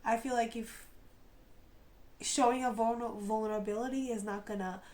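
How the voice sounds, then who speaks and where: A woman chats through a tarot reading, talking straight to her viewers and cheering them on. Her voice sits fairly high, yet she speaks in a lowered tone with a light vocal fry. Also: steady tone, normal speed, a little mellow, low-quality recording. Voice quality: lower tone than usual, slight vocal fry. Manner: chatty, encouraging, speaks to viewers directly. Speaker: tarot reader. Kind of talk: casual spoken tarot reading.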